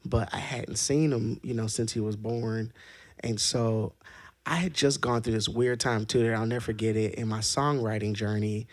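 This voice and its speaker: A man hosting a casual podcast chat, telling stories in a lively way and laughing often. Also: fairly low pitch, moderate pace. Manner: animated storyteller, laughs often. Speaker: podcast host.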